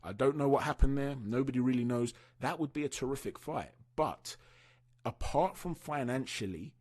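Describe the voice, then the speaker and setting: A man's voice: medium pitch, darkish tone, husky. A man hosting a channel, giving casual, opinionated boxing news commentary and asking viewers what they think. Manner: chatty, opinionated, asks viewers for their views.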